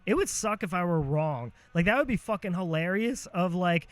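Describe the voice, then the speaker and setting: Brief: young male host, fairly high and smooth voice, dry close sound, profane self-mocking rambling. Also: animated, normal speed, dry recording. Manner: profane, self-mocking, shifts cadence and pitch on purpose. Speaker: podcast host. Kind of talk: rambling monologue.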